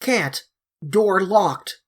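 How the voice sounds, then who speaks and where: A woman voicing a gruff, stubborn male manservant who speaks in a country dialect and drops his g's. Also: low-pitched, lively intonation, moderate pace, a bit bright.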